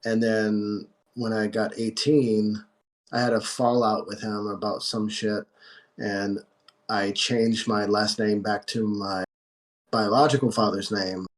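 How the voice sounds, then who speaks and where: Relaxed American man, candid. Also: fairly low pitch, slow pace. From United States. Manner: relaxed, candid, searches for words. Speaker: guest tattoo artist. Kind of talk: casual podcast chat.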